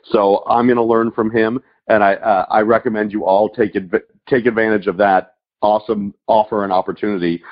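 Low-voiced enthusiastic podcast host man. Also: level tone, a little fast, hardly any pauses, highs cut off. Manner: enthusiastic, rambling questions. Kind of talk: podcast interview.

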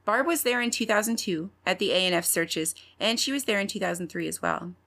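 A woman's voice: medium pitch, expressive, a little fast, gravelly, fairly bright tone. A woman hosting a true-crime podcast, narrating and interviewing in a candid, chatty way. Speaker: podcast host.

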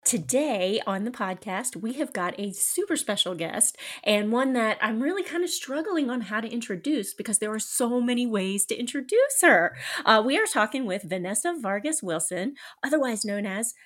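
Woman, podcast host, high pitch, very animated, bubbly, encouraging. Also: normal speed, hardly any pauses. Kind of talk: casual chat.

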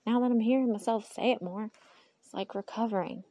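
A woman with a gravelly, slightly husky voice speaks candidly into her phone for her own podcast. She rambles in an unscripted monologue and keeps talking to herself aloud. She brings her faith in God into the talk. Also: on the high side, brisk, warm tone, dry recording. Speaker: podcast host.

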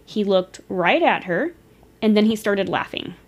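A woman's voice: mid-range voice, lively intonation, unhurried. A woman retelling a story in a casual, chatty way, giggling and sometimes losing her place. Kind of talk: casual storytelling of a ghost encounter.

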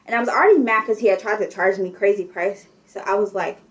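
A young woman chatting casually, telling an animated story with lots of filler words. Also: medium pitch, quick pace. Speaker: guest telling a travel story. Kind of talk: casual chat.

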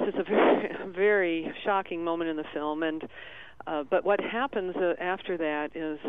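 A man calling in to a radio show, telling a personal story in a halting, tearful way with many restarts. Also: a little high, clean tone. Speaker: caller. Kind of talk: emotional call-in storytelling. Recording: tinny phone line.

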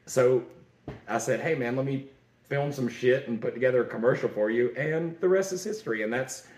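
A man's voice: medium pitch, fairly quick, a little mellow, reverberant. A man hosting a podcast in casual chat, telling stories loosely with lots of swearing and fillers. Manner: loose, profane storytelling with frequent fillers. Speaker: podcast host.

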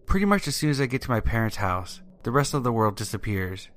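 A man narrating a first-person horror story in a steady, even storytelling manner. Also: mid-range voice, quick pace. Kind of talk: scripted narration. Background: faint music.

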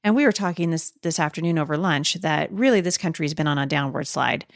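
A woman's voice: deep voice, fairly quick, creaky, no echo. A middle-aged woman hosting a podcast in a studio, chatting casually with fillers and frequent laughs. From Oregon. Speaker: podcast host. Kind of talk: casual chat. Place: recording studio.

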